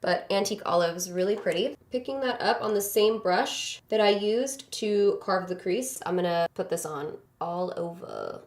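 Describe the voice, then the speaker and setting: A chatty woman talks her viewers through a makeup routine, casual and relaxed. Her voice sits in the middle of her range. The room around her rings with a noticeable echo. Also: mid-range voice, moderate pace, few pauses. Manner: chatty, close to the mirror, talking while applying makeup. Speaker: beauty vlogger.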